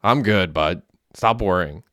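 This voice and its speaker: A brash, reckless young man, cocky and crude, as the male narrator puts him on. The voice is fairly low and smooth, read close and dry for an audiobook. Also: unhurried, a bit bright, no room sound. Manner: cocky and swearing.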